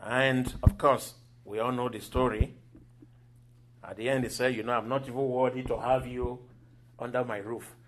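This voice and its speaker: A man preaching a sermon, telling scripture stories with lively acted-out quotes and occasional laughter. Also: medium pitch, moderate pace, background noise. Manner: animated storytelling, acting out quoted voices and laughing.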